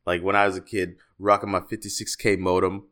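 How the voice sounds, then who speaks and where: Deep, bright-voiced joking podcast man. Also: a little fast. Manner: animated, joking storyteller. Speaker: podcast co-host. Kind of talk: casual podcast chat.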